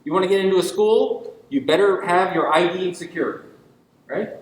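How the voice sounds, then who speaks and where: A man's voice: high voice, brisk. Emphatic male lecturer in an echoey hall. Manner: emphatic, rhetorical questions, ironic asides. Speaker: invited university lecturer. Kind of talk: public lecture.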